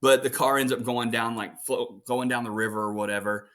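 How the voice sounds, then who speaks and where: A man in his thirties, a voice actor guesting on an interview, telling family stories in an animated, chatty way. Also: medium pitch, brisk. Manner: animated storyteller. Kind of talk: casual interview chat.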